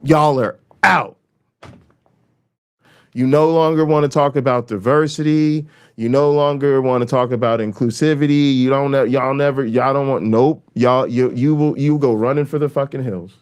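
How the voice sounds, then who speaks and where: A man's voice: steady tone, moderate pace, few pauses, darkish tone, smooth. A man hosting his own channel, delivering a heated, profane political rant and repeating lines for emphasis. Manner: swings between raised emphasis and low, dropped delivery. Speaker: channel host. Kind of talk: impassioned political rant to camera.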